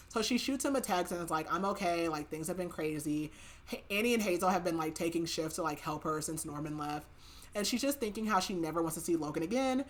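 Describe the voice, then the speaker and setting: Expressive and brisk, a woman with a voice on the low side casually retells a novel on her podcast. It's a chatty book recap loaded with "like," with her quoting the characters' dialogue.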